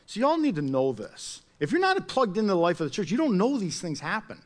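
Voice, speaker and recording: Male pastor, fairly high voice, swings all over, chatty sermon storyteller. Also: a little fast. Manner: animated, chatty storyteller with restarts.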